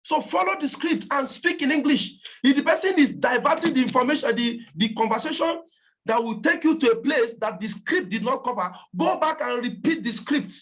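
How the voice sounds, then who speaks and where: A woman's voice: high-pitched, lively intonation, moderate pace. A woman with a Nigerian accent giving a motivational training talk to campaign callers, emphatic and repeating her points for stress. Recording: dull lo-fi recording.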